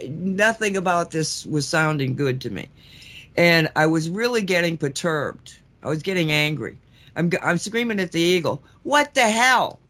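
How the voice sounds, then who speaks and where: Rambling man telling a story. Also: a little high. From South Florida. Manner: rambling, animated, many restarts. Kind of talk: casual storytelling.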